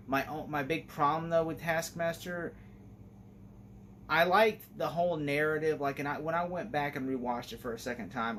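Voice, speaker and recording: A man's voice: medium pitch, a little hiss or hum. A man talking casually and eagerly in a movie review, rambling with lots of fillers and restarts.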